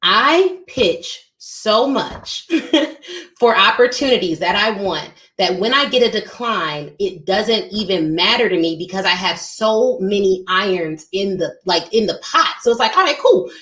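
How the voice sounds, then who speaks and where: A woman's voice: medium pitch, measured pace, fairly bright tone, echoey room. A woman hosting a show, giving an emphatic motivational talk on business and sales, talking straight to her listeners. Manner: emphatic, preachy, addresses listeners as y'all. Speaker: podcast host.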